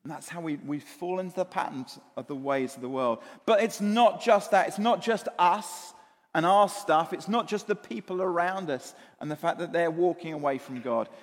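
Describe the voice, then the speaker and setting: A man preaches with a high voice, now rushing, now slowing down to stress a word. He often repeats himself and asks his listeners questions. The sound carries a long reverb from the hall. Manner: animated, repeats words, asks the congregation questions. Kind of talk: sermon.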